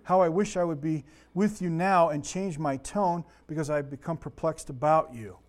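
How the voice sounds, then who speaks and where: At a moderate pace and fairly high pitch, a middle-aged man gives a conversational Bible lesson. He wanders into stories and side comments, and his voice is a little sore.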